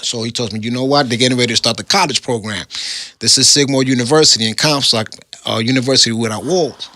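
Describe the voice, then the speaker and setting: A man's voice: mid-range voice, bright, forceful tone, no room sound, studio quality. A middle-aged man, telling the story of his time in prison in casual street slang. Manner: street slang, laid-back storytelling, rapid.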